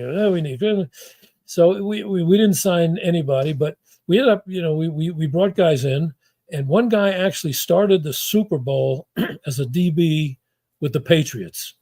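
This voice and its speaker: In a dry recording, a former football front-office executive, now an older man, spins rambling stories as an interview guest. He speaks at normal speed in a fairly high, mellow voice, with many restarts and quotes he acts out.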